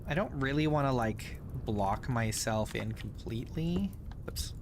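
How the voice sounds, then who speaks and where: Man, let's play commentator, wry jokes, unhurried, coughs now and then. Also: medium pitch, lively intonation, noisy background. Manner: jokey, wry, breaks into loud laughing yelps. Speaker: gaming YouTuber.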